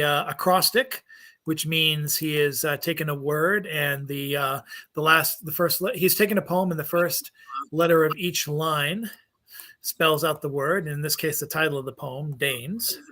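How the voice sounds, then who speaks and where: Bright-voiced joking man co-hosting. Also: on the high side, fairly even intonation, unhurried. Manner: joking, rambling, with many restarts and fillers. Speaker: podcast co-host. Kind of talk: casual chat.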